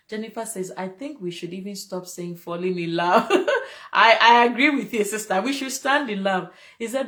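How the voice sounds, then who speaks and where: A woman's voice: medium pitch, a bit bright. A woman hosting a casual live-stream talk, speaking emotionally and preachily and laughing often. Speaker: host. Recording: echoey room.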